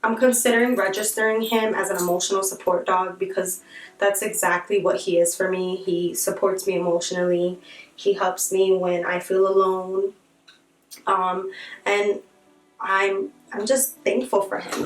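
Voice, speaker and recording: A woman's voice: mid-range voice, level tone, normal speed. Young woman vlogging in an echoey room. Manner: candid, heartfelt and chatty, uses slang. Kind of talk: casual vlog talk to camera. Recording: echoey room, voice from a distance, faint music.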